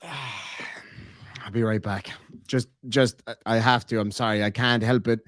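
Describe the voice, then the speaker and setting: A man's voice: on the low side, steady tone, measured pace, a bit bright, dry recording. A man giving profane, sarcastic reaction commentary on video clips. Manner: sarcastic, mocking, swears often.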